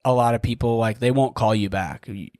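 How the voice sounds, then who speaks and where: A man's voice: mid-range voice, fairly quick, darkish tone, dry recording, studio quality. A young man hosting a podcast, telling a story in a rambling casual way, full of "like" and casual swearing. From United States. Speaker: podcast host.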